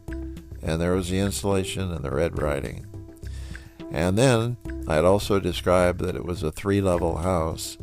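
A man telling a personal story in a relaxed, conversational way, acting out the dialogue. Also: deep voice.

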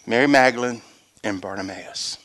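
An older man, a pastor, preaching a sermon with animated storytelling that swings between loud and hushed. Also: on the low side, normal speed.

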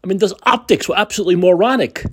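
A man's voice: sits high, racing, fairly bright tone, slightly rough. A man hosting a political talk show, delivering a combative, sarcastic monologue with profanity. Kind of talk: opinionated monologue.

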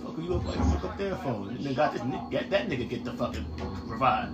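A man streaming a game live, commenting loudly and profanely and trash-talking his teammates in excited bursts. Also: mid-range voice, quick pace, reverberant, loud music behind the voice.

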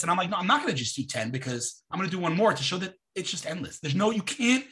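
Male podcast host on a video call, emphatic and animated, bright and lively delivery. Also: high-pitched, fast talker, slightly rough. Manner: animated, emphatic, jumps into mocking voices when quoting people. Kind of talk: casual conversational interview.

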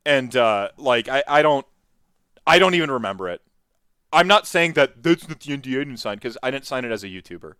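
A man's voice: medium pitch, animated, brisk, pushed and bright, smooth, dry recording, studio quality. A man co-hosting a casual livestream chat, rambling and swearing as he talks. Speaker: YouTuber co-host.

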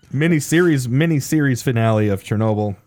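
A man's voice: mid-range voice, lively intonation, normal speed, darkish tone, no echo. A man hosting a casual podcast chat, reading out news items, joking and swearing freely.

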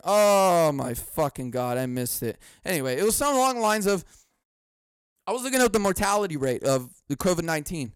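A man rants alone on his podcast in a high, smooth voice, swearing freely. He swings from loud mock outrage to low, muttered asides and laughs at his own jokes. The close mic keeps the sound dry. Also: dry recording. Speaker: podcast host. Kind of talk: casual solo podcast rant.

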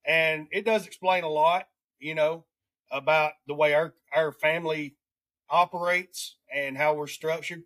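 Rambling Southern man, high voice. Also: fairly even intonation, fairly bright tone. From Alabama. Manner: rambling, restarts often, drawn-out emphasis. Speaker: podcast host. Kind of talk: casual podcast chat.

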